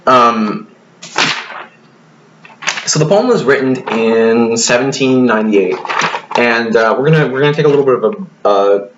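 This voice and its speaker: A man's voice: mid-range voice, animated, normal speed, pauses often, echoey room, highs cut off, noisy background. A man teaching a recorded poetry lesson, talking hesitantly with many ums and restarts, and now and then apologizing. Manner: apologetic asides.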